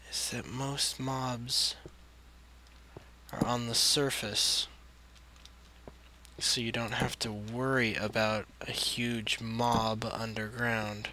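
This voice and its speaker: Slow, rambling man on a noisy mic. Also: medium pitch, bright, forceful tone. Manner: rambling, easily startled, talks to himself. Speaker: gaming channel host. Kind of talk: let's play commentary. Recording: noisy amateur mic recording.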